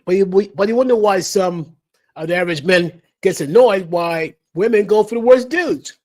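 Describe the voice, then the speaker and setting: Livestream host, male, higher voice, emphatic lecturing rant. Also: normal speed, darkish tone.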